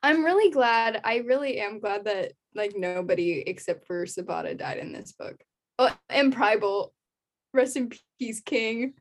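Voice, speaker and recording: A young woman talks excitedly in a casual chat, her voice sitting a bit high. She gushes, laughs often and fills her sentences with "like" and "um". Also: measured pace. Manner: gushing, filler-heavy, laughs often.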